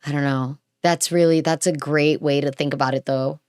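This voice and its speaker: Woman, podcast host, casual chat, gushing, rambling, fairly low pitch, dry recording. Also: fairly even intonation, normal speed, darkish tone, clean tone, no room sound. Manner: gushing, rambling, restarts often.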